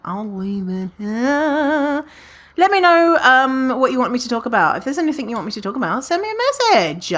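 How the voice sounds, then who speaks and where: A woman hosting a solo podcast in a casual, animated way. She swears freely, laughs often and acts out other people's imagined thoughts. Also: mid-range voice. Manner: laughs often at her own remarks. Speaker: podcast host.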